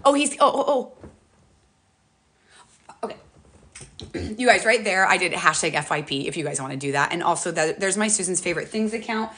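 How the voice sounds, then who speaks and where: A middle-aged woman chatting on a livestream, talking fast and rambling with many restarts, often emotional and animated. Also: on the low side. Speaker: livestream host. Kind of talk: casual livestream chat. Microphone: tablet mic, close.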